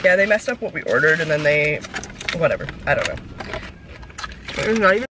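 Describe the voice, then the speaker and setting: A woman's voice: low voice, big pitch swings, fairly quick, very noisy. A young woman, chatting casually to her camera as a lifestyle vlogger and filling her talk with "like.". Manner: chatty, rambling with frequent "like" fillers. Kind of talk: casual vlog chat.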